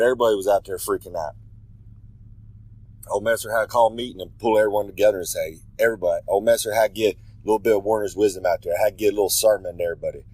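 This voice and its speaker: A pro wrestler gives a regular segment in a lowish, mellow voice, recorded with no echo but poor audio. His promo rambles and swaggers, he refers to himself in the third person, and he corrects himself along the way.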